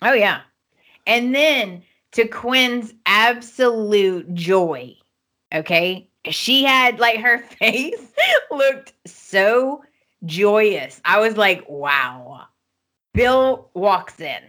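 Slow, bright-voiced woman telling a story. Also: mid-range voice. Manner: animated storytelling, acting out quotes. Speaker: podcast host recapping a soap opera. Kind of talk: casual chat.

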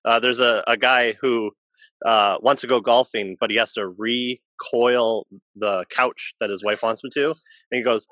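A man's voice: mid-range voice, fairly even intonation, unhurried, fairly bright tone, dry recording. A man co-hosting a casual podcast chat, rambling through stories and acting out what people said in little voices. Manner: rambling storyteller who acts out quotes in voices. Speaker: podcast co-host, Christian channel manager.

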